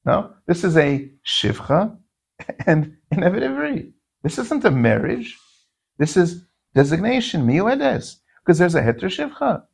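A man's voice: high voice, very animated, a little slow, creaky, a little mellow, breathy edge. A man giving a Talmud lecture in a questioning, sing-song way, often tossing in "no?" to his students. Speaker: Talmud teacher.

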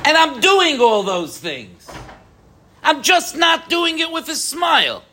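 A man acts out an indignant inner cynic in a sharply raised voice, complaining in exasperated rhetorical questions. The pitch swings high above a plain speaking voice, and the words are clipped and protesting. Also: very animated, slow pace, pushed and bright, heavily acted.

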